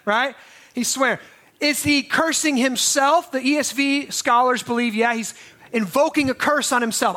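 High bright-voiced male preacher. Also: moderate pace. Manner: conversational preaching with restarts and asides. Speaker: pastor. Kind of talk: sermon.

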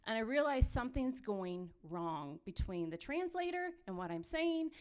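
A woman telling her own mission trip story with lively, run-on phrasing, laughing often as she goes. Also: high voice, moderate pace. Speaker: missionary sharing testimony. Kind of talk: animated personal storytelling.

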